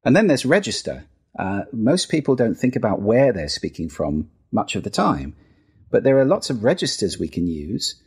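Very animated yet moderately paced, this middle-aged Briton has a husky, slightly mellow voice. He's a podcast interview guest who specializes in sound and listening, and he explains voice and listening through demonstrations that play with pitch and register.

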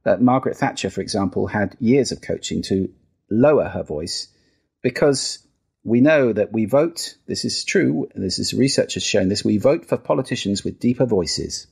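Husky, lively-voiced middle-aged man. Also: moderate pace. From United Kingdom. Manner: demonstrative, plays with pitch and register while explaining. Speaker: guest, sound and listening expert. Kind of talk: podcast interview.

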